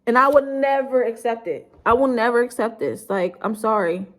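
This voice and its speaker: A woman's voice: on the high side, fairly even intonation, normal speed. A young woman vlogging to her viewers while grieving, rambling with lots of "like" and speaking bluntly, with swearing. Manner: rambling, heavy use of "like", blunt and profane. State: grieving, subdued. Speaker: YouTuber. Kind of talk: emotional storytime vlog.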